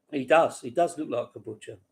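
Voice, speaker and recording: A man's voice: on the high side, vocal fry. A man hosting a casual late-night livestream, rambling to viewers by name and laughing at his own stories. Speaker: livestream host.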